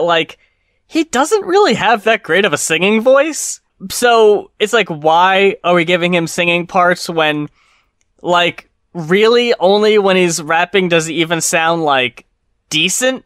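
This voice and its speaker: A man hosting a podcast in casual chat, measured and opinionated, with a dry delivery. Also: high voice, animated, fairly bright tone, dry recording. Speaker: podcast host.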